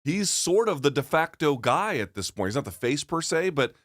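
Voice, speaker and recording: A man co-hosting a sports talk show in a studio, chatting in an animated, talkative way and cutting in often. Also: on the high side, moderate pace, no echo. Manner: animated, chatty, talks over his co-host. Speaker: podcast co-host.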